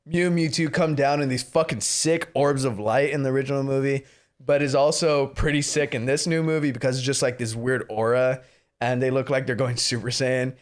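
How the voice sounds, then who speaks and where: A young man co-hosting a casual podcast, ranting about a movie with lots of swearing and mimicking characters in squeaky voices. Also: fairly quick. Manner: profane, animated, mimics characters in high voices. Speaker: podcast co-host. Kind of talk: casual movie review chat.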